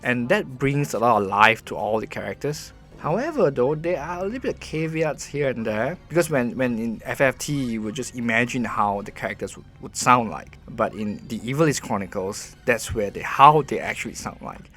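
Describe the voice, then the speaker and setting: A man's voice: mid-range voice, animated, moderate pace, few pauses, a bit bright, faint music behind. A man voicing a game review as host, earnest and conversational, often restarting his sentences.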